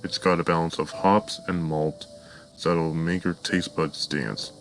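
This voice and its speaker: A man voicing a boisterous middle-aged cartoon father making an eager sales pitch in a fan story. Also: steady tone, unhurried, slight background noise.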